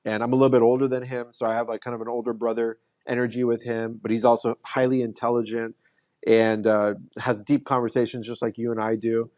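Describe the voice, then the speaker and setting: A podcast guest, a man with a mid-pitched voice, talks in a relaxed, casual way, telling his story earnestly and briskly while often restarting phrases. The sound is close and dry, with no room sound at all.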